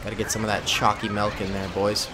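A man's voice: on the low side, monotone, fast, over music. A man giving casual, playful commentary over his own gameplay as a gaming host, joking with his viewers. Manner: playful, jokey, talks to viewers as "boys". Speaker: gaming YouTuber.

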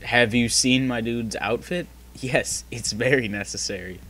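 A man's voice: mid-range voice, measured pace, a bit bright. A man recording a casual gaming session at home, bantering sarcastically with a friend. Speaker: gamer recording a let's play.

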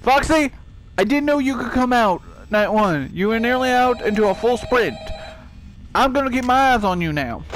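A young man giving let's play commentary on a horror game, panicky and swearing, yelling at the characters on screen. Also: extremely high pitch, animated, moderate pace, slight background noise, low-quality recording. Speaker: gaming video creator.

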